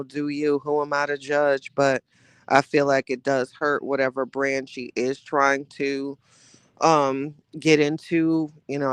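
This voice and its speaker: Woman podcast host, animated casual commentary, dry close recording. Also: extremely low pitch, smooth, no room sound. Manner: chatty, animated, exclamatory with laughter.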